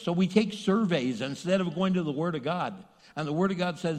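A male pastor preaching a sermon, animated, asking rhetorical questions and acting out voices. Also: on the high side, a little fast, few pauses, big-room sound.

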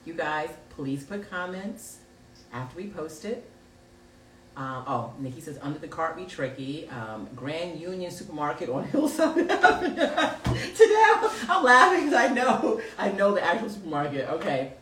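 A woman's voice: on the low side, sing-song, moderate pace, a bit bright. A middle-aged woman hosting a casual live show, reading viewer comments aloud and laughing often. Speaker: host of a live call-in show. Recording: roomy, distant mic with faint background noise.

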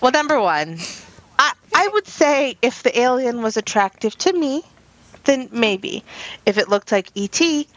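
A woman in her late thirties co-hosts a podcast, telling stories in casual chat and giggling often; she's an animated storyteller who calls herself anxious. Her voice is a little high and her pace measured. The audio quality is poor.

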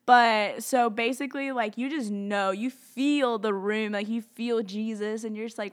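A woman's voice: a little high, steady tone, a little slow, a bit bright, smooth. A young woman from Tennessee and Alabama with a Southern accent, telling a story in a casual vlog, chatty and gushing, full of "like" fillers. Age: young adult.

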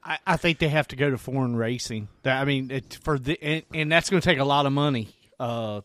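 A man co-hosting a casual podcast chat, speaking in a calm, even-tempered, practical way. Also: medium pitch, brisk, no echo. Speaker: podcast co-host.

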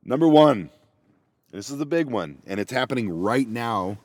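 A man's voice: medium pitch, expressive, normal speed, dry recording. A man chatting casually and rambling with goofy self-mocking asides, recorded on a laptop inside a parked minivan. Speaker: vanlife vlogger. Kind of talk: casual solo chat. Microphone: laptop microphone.

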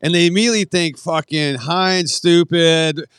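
A man's voice: a little high, moderate pace, fairly bright tone, clear, resonant tone, no room sound, clean studio sound. A man chatting casually as a podcast guest, laid-back and profane, laughing often and restarting his sentences. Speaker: podcast guest, retired Marine. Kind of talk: casual chat.

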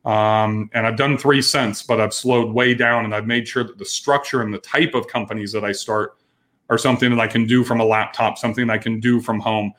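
A man's voice: lowish voice, fairly even intonation, brisk, a bit bright. Earnest man telling his story. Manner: earnest, frank, with frequent restarts. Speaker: entrepreneur guest. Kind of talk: candid interview storytelling.

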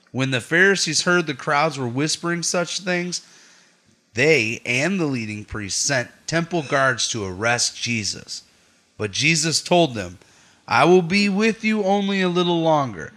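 A man with a bright, forceful voice reads scripture aloud to his family at home. His reading is steady, broken by easygoing asides to everyone listening. He sits in the middle range for pitch. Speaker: father leading a family Bible study.

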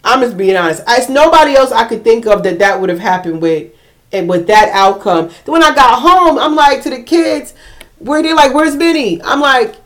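A woman co-hosting a podcast, telling a story in casual chat, animated and emotional, sometimes breaking into yelling. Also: on the high side, normal speed. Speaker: podcast co-host.

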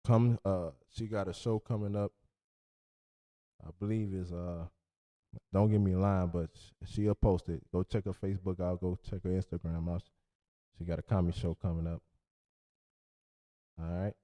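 A man hosting a relationship podcast, wrapping up the show in a loose, animated way with plenty of slang. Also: deep voice, moderate pace, long pauses. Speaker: podcast host. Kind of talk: casual sign-off monologue. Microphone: podcast mic.

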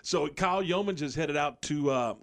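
A man's voice: on the high side, moderate pace, fairly bright tone. A man hosting a sports radio show, chatting in an upbeat way and chuckling as he previews his show. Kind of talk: casual on-air chat.

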